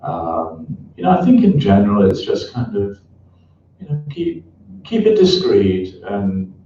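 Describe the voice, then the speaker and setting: A middle-aged man gives a frank, reflective interview at a book event. His voice is deep and mellow, and he often pauses and restarts his thoughts. The recording is distant and dull, with heavy echo from the hall. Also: huge pitch swings, slight background noise. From England. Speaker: author and columnist. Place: event hall before an audience.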